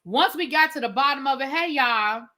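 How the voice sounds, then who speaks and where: Woman, livestream reviewer host; blunt, animated, forceful bright tone, slightly high. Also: moderate pace. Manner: blunt and opinionated, reads out viewer comments; animated, swears casually. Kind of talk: casual livestream commentary.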